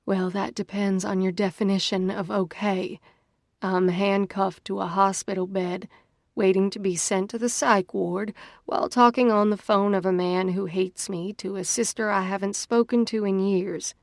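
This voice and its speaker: A woman voicing a bitter, broken young woman with a flat, dull voice that turns snappish in an audiobook. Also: mid-range voice, normal speed, gravelly, no room sound, clean studio sound, lightly acted. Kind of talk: audiobook dialogue reading.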